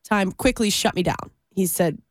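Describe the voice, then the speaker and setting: A woman's voice: mid-range voice, moderate pace, no room sound. A woman radio host chatting casually on a podcast, self-deprecating and easygoing, talking into a studio microphone.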